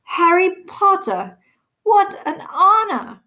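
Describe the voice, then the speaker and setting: A woman voicing an excitable old male bartender who speaks slowly in high, awed tones. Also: muffled recording.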